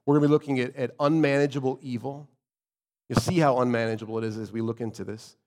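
A man's voice: mid-range voice, steady tone, fast, a little mellow, long reverb tail. A man preaching a sermon as pastor, reading scripture aloud and praying in an earnest, emphatic way.

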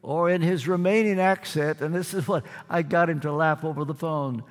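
An older man preaching a sermon, earnest and dramatic, with repetition and long pauses. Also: fairly high pitch, steady tone. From United States. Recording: long hall reverb.

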